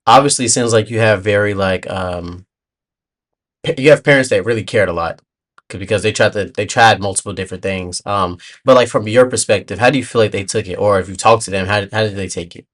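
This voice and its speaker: A woman hosting an interview, asking soft, hesitant questions with many fillers. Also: a bass voice, a little fast. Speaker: interviewer host. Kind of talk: conversational interview.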